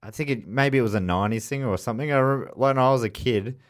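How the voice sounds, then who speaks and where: A man co-hosting a podcast, joking and telling anecdotes in casual banter. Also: mid-range voice. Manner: joking, quick to riff and tell anecdotes. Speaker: podcast co-host.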